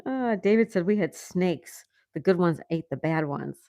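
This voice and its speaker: A woman with a lowish voice hosts a casual livestream and reads viewer comments aloud, laughing often. The sound is dry and close, with almost no room echo. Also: expressive, normal speed, mellow. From United States. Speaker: livestream host. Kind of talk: casual live chat reading comments. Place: home in Florida.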